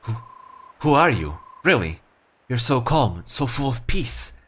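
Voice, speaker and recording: A man's voice: medium pitch, sing-song, unhurried, a bit bright, husky, exaggerated voice. A man doing a blunt young mercenary. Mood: frank. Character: young male mercenary leader, frank and blunt.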